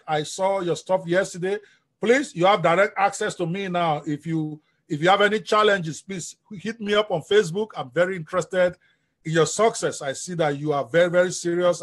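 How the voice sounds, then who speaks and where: A man giving an energetic live-stream business coaching talk, often asking his audience questions. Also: sits high.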